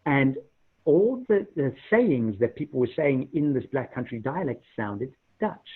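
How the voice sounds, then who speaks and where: A middle-aged man from Africa, a guest telling stories in an animated, chatty way over a video call. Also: mid-range voice, a little slow, breathy edge. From South Africa. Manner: animated, repeats words when starting. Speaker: guest, minister. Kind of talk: casual storytelling chat. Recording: muffled phone-like call audio.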